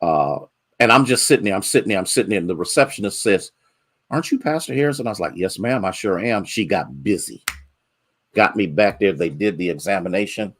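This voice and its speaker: A man delivers a sermon as pastor in a church sanctuary, his voice expressive and slightly rough. He swings between long, rising exhortations and quick, low-voiced stories, calling out members of the congregation by name.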